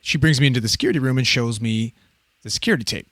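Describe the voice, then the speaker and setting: A man's voice: mid-range voice, racing, no room sound. Profane storytelling man, dry close mic. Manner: profane, animated storytelling with laughs. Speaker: podcast co-host telling a story. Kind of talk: casual storytelling.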